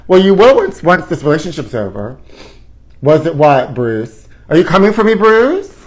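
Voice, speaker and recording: A man hosts a live gossip show with a campy, sassy flair. He keeps calling his viewers honey and shifts from loud theatrical squeals to low muttered asides. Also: rough recording. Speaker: host. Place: hot indoor studio.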